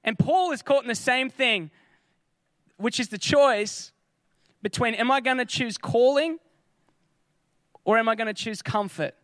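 A man delivering a conversational sermon in a very high voice, animated and chatty, with joking asides. The sound is dry and close, with no room around it. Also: a little slow, pauses often, no room sound. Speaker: preacher. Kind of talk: casual sermon.

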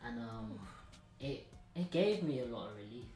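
A man's voice: mid-range voice, expressive, normal speed, reverberant, music in the background, poor audio. A man, hosting a podcast and telling a candid story, rambling with lots of slang and restarts.

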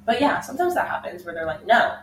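A young woman co-hosting a casual podcast chat, talking quickly and laughing often. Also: medium pitch, very animated. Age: young adult. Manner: chatty, laughs often, does mock voices of drivers. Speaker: podcast co-host. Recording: echoey room, mic far off, faint noise.

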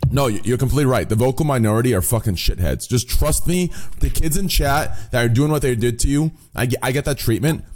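A man's voice: mid-range voice, fast talker, darkish tone. A man and streamer talking insistently and reassuringly in a casual group voice call, swearing often.

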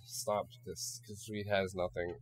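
A young man hosts a loose, casual podcast. He talks with plenty of swearing and animated emphasis when telling a story. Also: low voice, unhurried. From Ohio, USA. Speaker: podcast host.

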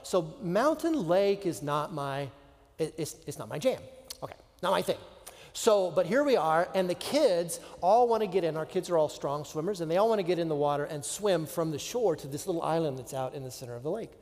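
Animated male preacher in a big hall. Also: on the high side, brisk. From Florida. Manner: animated, acts out his own panic in quoted asides. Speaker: pastor. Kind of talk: sermon storytelling. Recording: long reverb of a large hall.

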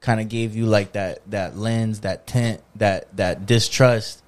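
Low-voiced man asking calm questions. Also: takes it slowly. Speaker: podcast co-host. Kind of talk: casual chat, asking follow-up questions.

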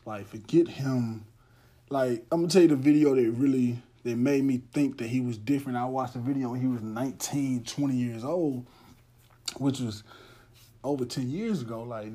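Young guy podcasting solo, mellow low-toned voice, earnest and heartfelt, keeps restarting his sentences. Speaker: podcast host. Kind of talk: casual monologue.

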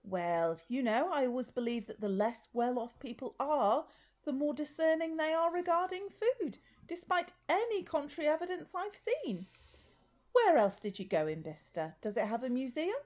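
A woman's voice: high-pitched, sing-song, normal speed, a little mellow. A woman playing a snobbish, condescending posh woman in a comedy sketch, with a plummy, affected delivery. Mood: smug.

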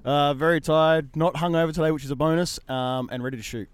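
A man's voice: on the high side, fairly even intonation, fast, clean tone, no room sound. A man, a shooting competitor, answering in a laid-back, self-mocking way. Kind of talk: casual interview answers.

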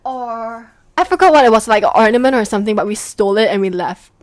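A woman's voice: fairly high pitch, lively intonation, fast, no room sound. A young woman co-hosting a casual podcast chat, teasing and playful in a laid-back way. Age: young adult. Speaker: podcast co-host. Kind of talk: casual chat between friends.

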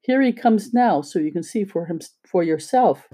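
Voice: mid-range voice, animated, moderate pace, mellow, close to an everyday voice. A reader voicing a frightened little china princess girl with a timid, fearful voice. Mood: prim.

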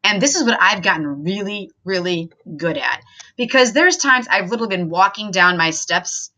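A woman's voice: medium pitch, animated, normal speed, sharp tone. A woman hosting a podcast, talking in an earnest, chatty self-help monologue with many fillers. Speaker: podcast host.

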